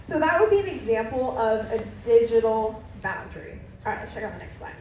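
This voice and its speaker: High-voiced woman preaching in an echoey hall. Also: quick pace, hardly any pauses, mellow, distant mic, slight background noise. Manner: playful, addresses audience directly. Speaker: youth pastor. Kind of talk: youth sermon.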